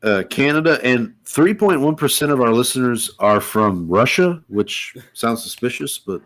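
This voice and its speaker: A man's voice: mid-range voice, expressive, moderate pace, a bit bright. A middle-aged man co-hosting a podcast, with an easygoing, dry way of talking. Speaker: podcast co-host. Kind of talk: casual chat.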